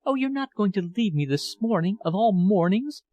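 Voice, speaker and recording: A man's voice: high voice, lively intonation, normal speed, dark tone, dry recording, highs cut off, pitched above the performer's own voice. A man reading aloud, voicing a gushing, affected governess of about forty who speaks with an extravagant French accent. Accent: put-on French accent. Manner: extravagant, breathy, theatrical.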